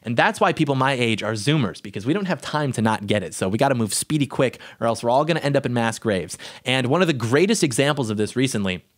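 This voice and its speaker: A man's voice: medium pitch, lively intonation, fast, hardly any pauses. A young man in his twenties delivering an indignant, sarcastic opinion monologue as a political commentator.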